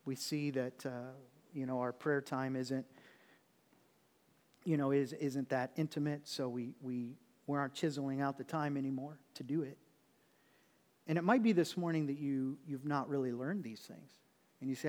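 A man preaching a sermon to his church in an earnest, conversational way, sometimes dropping to a hush. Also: mid-range voice, normal speed, in a large hall. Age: adult. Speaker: pastor.

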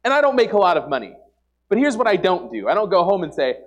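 Young man, lay preacher, high voice, lively pitch, earnest, emphatic, repeats himself, casual church sermon. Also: fast. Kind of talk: informal sermon. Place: church service before a congregation.

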